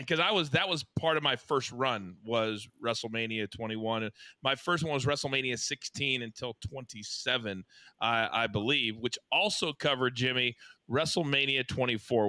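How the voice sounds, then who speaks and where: A man hosting a casual podcast interview, relaxed and conversational as he sets up his questions. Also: mid-range voice, no room sound. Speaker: podcast host.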